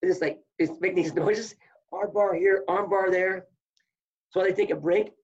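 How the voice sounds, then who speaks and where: Gravelly older man telling wrestling tales. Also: sits high, moderate pace, distant mic, highs cut off. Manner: animated storyteller, acts out quotes. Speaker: former college wrestler, guest. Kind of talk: storytelling interview chat.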